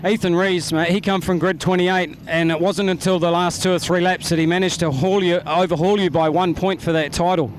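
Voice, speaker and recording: A man's voice: sits high, steady tone, a little fast, few pauses, a little hiss or hum. A man with a New Zealand accent interviewing drivers trackside after a race, upbeat and chatty. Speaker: pit interviewer. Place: outdoors at a speedway.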